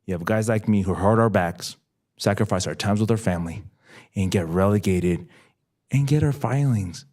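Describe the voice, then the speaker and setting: A man's voice: lowish voice, normal speed. A man giving public comment at a county board meeting, impassioned and emotional, his voice rising as he presses the board. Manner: impassioned, rising to near shouting.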